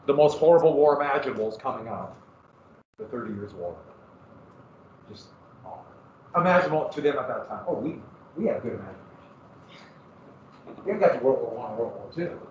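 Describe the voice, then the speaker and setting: A man's voice: medium pitch, expressive, a little fast, pauses often, slight background noise. A male teacher chatting casually and rambling to his class in a classroom. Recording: echoey room, far from mic, muffled.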